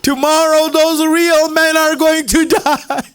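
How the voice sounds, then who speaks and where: A man delivering an emotional sermon as a story, repeating lines and at times shouting or breaking into tears. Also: extremely high pitch, flat delivery, takes it slowly. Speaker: speaker at a religious center. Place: religious center hall.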